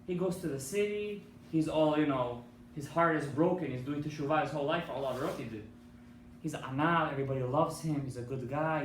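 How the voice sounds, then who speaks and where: A man, a rabbi, giving a sermon with an emphatic storytelling manner, asking his listeners questions. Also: fairly high pitch. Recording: echoey hall from far off with faint noise.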